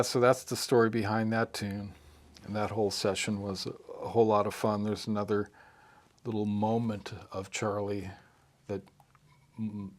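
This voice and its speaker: Male musician guest, low-pitched, casual interview storyteller who rambles and restarts. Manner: rambling, full of restarts and asides. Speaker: harmonica player and musician.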